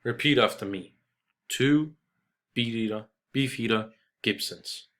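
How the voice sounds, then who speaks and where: A man voicing a loud, boisterous middle-aged father who shouts and mocks a waiter. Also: medium pitch, takes it slowly. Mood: mocking. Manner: shouting, mocking.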